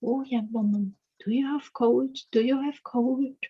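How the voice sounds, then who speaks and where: An old frost spirit of the winter woods asks the same question again and again in an unhurried voice, spoken by a woman storyteller. The recording sounds a little dull. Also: high voice, steady tone, breathy edge. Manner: slow, repeated questioning.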